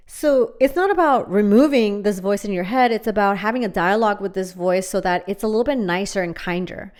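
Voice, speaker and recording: A woman speaks earnestly on her self-help podcast, addressing the listener directly. Her pitch sits in the middle of the range. She talks in a loose, conversational way and keeps asking if the listener understands. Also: darkish tone. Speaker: podcast host and coach.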